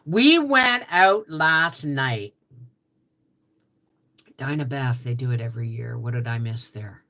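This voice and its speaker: A woman's voice: rumbling low, slow pace, pushed and bright. A Canadian woman hosting a casual homestead livestream, greeting viewers by name in a chatty way, just out of bed. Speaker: livestream host.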